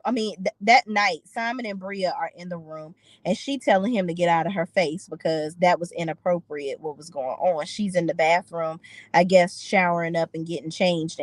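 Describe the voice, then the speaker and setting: Speaking at normal speed in a fairly low voice, a woman delivers a casual, opinionated and sassy recap of a reality TV episode, mimicking the people she quotes. The recording is rough, with no room sound.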